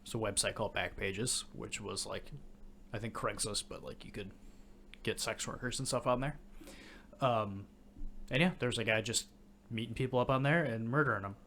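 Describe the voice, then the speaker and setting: A man from Michigan co-hosting a casual movie podcast, telling stories in a relaxed, trailing way. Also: lowish voice, moderate pace, long pauses, slight background noise. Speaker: podcast co-host.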